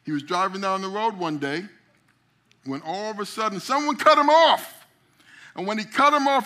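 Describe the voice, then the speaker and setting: A middle-aged man with a high-sitting voice teaches a group about memory drawing, speaking at a moderate pace and pausing often. He's animated, performing little stories and putting on voices as he goes.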